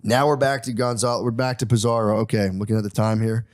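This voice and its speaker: A man's voice: fairly low pitch, level tone, fast, no echo, studio quality. A young man hosting a podcast, casually retelling a history story with crude humor and voiced quotes.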